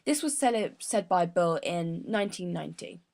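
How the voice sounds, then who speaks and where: A woman's voice: lowish voice, lively intonation, normal speed, vocal fry, darkish tone. A young woman as a sports psychologist guest, giving an earnest prepared explanation with frequent mid-word restarts. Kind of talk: prepared explanation in a mock interview.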